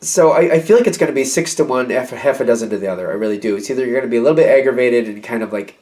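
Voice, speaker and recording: A man giving a casual tarot reading, animated and repeating phrases as he acts out quoted reactions. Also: mid-range voice, very fast. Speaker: tarot reader.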